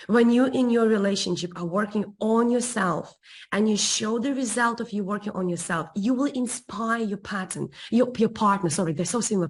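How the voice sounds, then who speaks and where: Husky woman telling an animated story. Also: medium pitch. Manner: expressive, emphatic repetition, laughs easily. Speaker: guest relationship coach.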